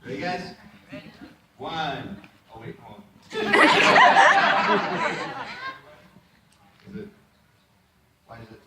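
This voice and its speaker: A man's voice: mid-range voice, expressive, a little slow, pauses often, heavy background noise. A man moderating a convention panel in a friendly, joking way. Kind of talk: casual panel hosting. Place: large convention hall. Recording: echoey convention hall, distant mic, crowd.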